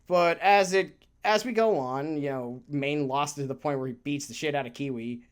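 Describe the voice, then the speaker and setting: A podcast co-host in casual chat, talking in a rambling, animated way, swearing casually and laughing often. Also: mid-range voice, normal speed.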